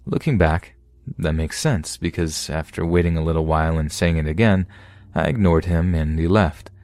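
Deep-voiced man narrating horror stories. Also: moderate pace, no room sound. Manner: steady first-person storytelling. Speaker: podcast narrator. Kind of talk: reading true scary stories aloud.

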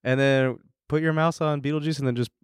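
A man's voice: mid-range voice, brisk, smooth, no room sound, studio quality. A man co-hosting a podcast, joking around in casual chat. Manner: lively, joking, says "dude". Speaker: podcast co-host.

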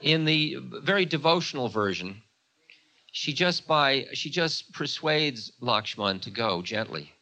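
A man's voice: mid-range voice, animated, unhurried, sharp tone, lo-fi sound. A man from the United States telling an old story in a chatty way, full of asides. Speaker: spiritual teacher. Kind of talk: storytelling talk.

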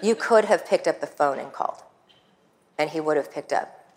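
Storytelling woman coach, fairly low voice. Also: normal speed. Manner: lively anecdotal storytelling with quoted voices. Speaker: guest coach. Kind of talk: storytelling talk.

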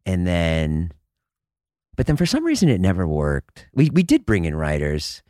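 A man's voice: low voice, measured pace, dry recording, clean studio sound. A man chatting as a podcast guest, talking loosely with lots of "like" and restarts. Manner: animated, filler-heavy talk with many restarts. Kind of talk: casual chat.

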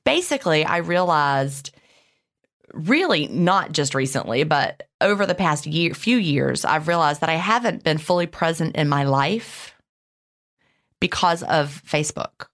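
A woman's voice: low voice, lively intonation, a little slow, a bit bright. A woman co-hosting a podcast, talking casually and emotionally, with laughs and restarts. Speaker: podcast co-host.

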